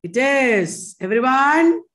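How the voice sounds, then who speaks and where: A woman's voice: high voice, very animated, takes it slowly, fairly bright tone. A woman teaching an exam-prep lesson online, quizzing viewers in a chatty way with Hindi asides.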